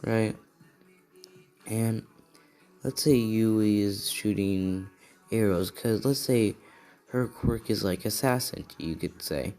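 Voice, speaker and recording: A tired young man improvising a fan story, with yawns in his voice. He rambles and hedges as he goes, speaking in a lowish pitch, with faint music in the background. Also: slow, pauses often, mellow. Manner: rambling, hedging, many fillers. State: tired, yawning.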